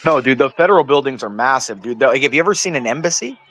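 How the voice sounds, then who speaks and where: A man's voice: mid-range voice, lively intonation, rapid-fire, a bit bright, rough recording. A man co-hosting a live stream, talking casually and arguing his points emphatically, often saying "dude". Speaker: livestream co-host.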